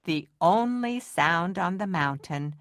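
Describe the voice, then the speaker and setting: Slow, expressive woman reading a children's story. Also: lowish voice, no room sound. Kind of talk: children's story read-aloud.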